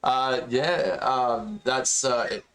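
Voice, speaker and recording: A man's voice: medium pitch, steady tone, takes it slowly, a bit bright, clear, resonant tone. An Australian man hosting a podcast, talking casually with lots of fillers and the odd swear word. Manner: rambling, filler-heavy, swears freely. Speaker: podcast host and streamer. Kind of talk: casual chat.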